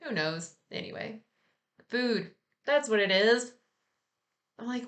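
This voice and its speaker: A woman hosting a casual spiritual reflection in a relaxed, chatty way, gently encouraging her listeners and laughing at herself now and then. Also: fairly high pitch, slow pace. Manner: relaxed and chatty, with frequent fillers.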